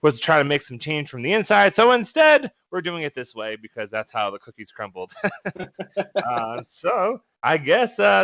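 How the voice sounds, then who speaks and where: A man's voice: medium pitch, sharp tone, no room sound, lo-fi sound. A young man co-hosting a podcast, telling stories casually with lots of fillers and laughter. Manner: laughs often, many fillers and restarts. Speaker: podcast co-host. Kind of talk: casual storytelling.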